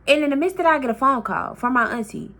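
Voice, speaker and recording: A woman with a high voice tells a family story in a casual storytime vlog. She talks in an animated and heated way, swears freely, and addresses her viewers directly. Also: quick pace, vocal fry. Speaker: vlogger.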